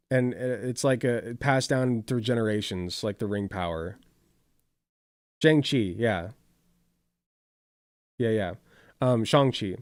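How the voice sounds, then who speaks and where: A man's voice: medium pitch, no room sound, clean studio sound. Rambling, sweary male streamer. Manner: rambling, sweary, filler-heavy. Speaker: streamer reacting to videos. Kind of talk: casual live-stream chat.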